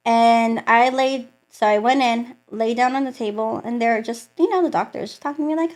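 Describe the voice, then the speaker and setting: A young woman with a slightly high voice talks at a moderate pace about her personal faith journey during an interview. Her telling is lively, full of "like," and she performs the voices of those she quotes.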